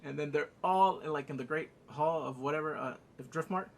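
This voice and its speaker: A man's voice: fairly high pitch, brisk. A man giving a casual, profane recap of an episode, laughing and acting out the scenes with sound effects. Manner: excitable, profane, laughs while retelling. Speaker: TV show reviewer.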